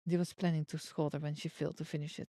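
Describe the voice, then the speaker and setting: A young woman streamer reading a story game aloud, steady in the narration and breaking into excited outbursts. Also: low voice, quick pace, dry recording, studio quality. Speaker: virtual streamer. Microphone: streaming mic. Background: soft game music.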